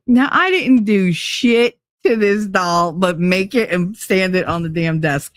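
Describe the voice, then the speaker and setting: A woman's voice: medium pitch, measured pace, few pauses, dry recording. A woman host telling a story in a casual monologue, blunt and profane, with lots of "like". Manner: blunt and profane, heavy use of "like". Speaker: podcast host.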